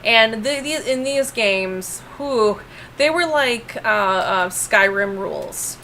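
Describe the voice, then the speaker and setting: Animated swearing woman in casual chat. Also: a little high, takes it slowly, slight background noise. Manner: animated, swearing, many fillers and restarts.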